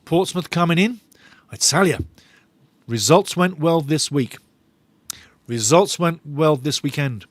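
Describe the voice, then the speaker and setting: Eager football fan host, dry close sound. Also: male voice, on the high side, lively intonation, measured pace, pauses often, no room sound. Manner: enthusiastic, repeats phrases, reads chat comments aloud. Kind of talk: live football watch-along chat.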